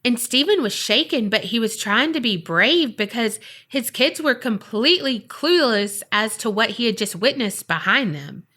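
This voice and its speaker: A woman's voice: fairly high pitch, lively intonation, normal speed, few pauses, sharp tone. A woman cohosting a podcast tells a paranormal story in a chatty, dramatic way, with lots of casual fillers. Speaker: podcast co-host.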